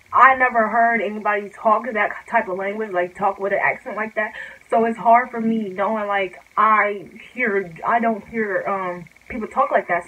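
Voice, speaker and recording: A woman's voice: on the high side, sharp tone, slightly rough, rough recording. A young woman telling a casual storytime vlog, rambling and chatty with lots of filler words. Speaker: vlogger.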